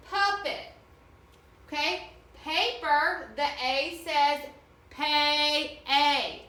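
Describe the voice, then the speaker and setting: A woman teacher giving an online reading lesson to children, slowly and clearly sounding out the vowels in each word. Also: high voice, pushed and bright, reverberant.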